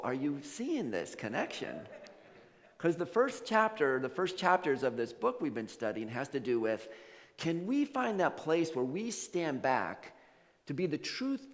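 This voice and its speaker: A man preaching a sermon, telling a story casually and acting out the characters' voices. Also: medium pitch. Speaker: minister. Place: church sanctuary. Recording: long hall reverb.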